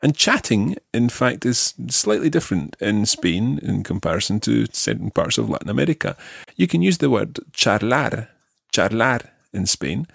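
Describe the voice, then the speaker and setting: A husky man with vocal fry speaks sing-song in a somewhat bright voice on the low side as he leads Spanish drills. He slowly and patiently demonstrates verb forms and stress for repetition, recorded in a clean studio without echo.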